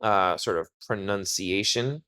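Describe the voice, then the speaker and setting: A middle-aged man tutoring, calmly explaining a reading question step by step and reading the text aloud. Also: on the low side, a little slow, clean tone. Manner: calm, explanatory, reads passages aloud. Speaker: SAT tutor. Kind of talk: test prep walkthrough.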